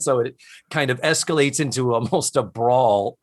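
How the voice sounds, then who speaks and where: A man co-hosting a podcast in casual chat, animatedly retelling comedy scenes and quoting lines. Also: mid-range voice. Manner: animated retelling of scenes with quick quoted voices. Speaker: podcast co-host.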